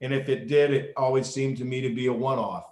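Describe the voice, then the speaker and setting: A middle-aged man, a former referee, telling stories in an interview in an animated way, with many restarts. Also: medium pitch, brisk. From United States. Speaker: guest, former football referee and basketball official. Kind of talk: storytelling interview. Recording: echoey room.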